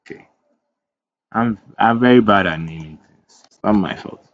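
A man's voice: fairly low pitch, normal speed, dry recording, dull audio. A man teaching web development in a screen-recorded coding tutorial. He thinks aloud as he types, corrects himself, and drifts into chatty asides.

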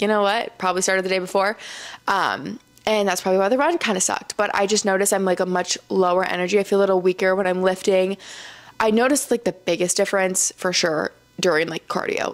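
A young woman chats through her solo podcast, sounding a little tired. Her voice settles into a gravelly fry, and she talks loosely, full of likes, ums and quick laughs. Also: mid-range voice. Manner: chatty, filler-heavy, laughs often. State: tired, yawning. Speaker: podcast host. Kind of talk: casual solo podcast chat. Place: seated indoors.

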